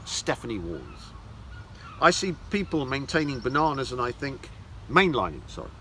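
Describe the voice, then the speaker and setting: A man's voice: medium pitch, very animated, moderate pace, pushed and bright, slight background noise. A man giving a mocking lecture, reading articles aloud with scornful, sarcastic asides. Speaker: esoteric teacher.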